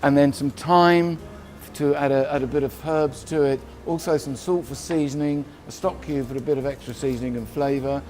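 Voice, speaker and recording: A man's voice: medium pitch, steady tone, moderate pace, a little mellow. A man from London giving a casual cooking demonstration, chatty and rambling, often correcting himself as he goes. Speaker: cook.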